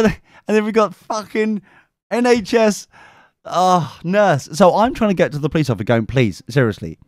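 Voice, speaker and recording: A man's voice: on the high side, no room sound, clean studio sound. A man co-hosting a podcast, telling a rowdy story in casual chat and acting out quotes in camp voices. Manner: animated, sweary, acts out quotes in camp voices. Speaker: podcast co-host.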